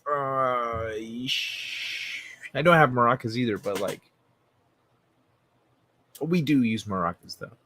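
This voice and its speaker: A man's voice: medium pitch, takes it slowly, pauses often, background noise. A man from Central America hosting a livestream, chatting casually and laid-back with viewers, often chuckling and swearing. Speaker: livestream host.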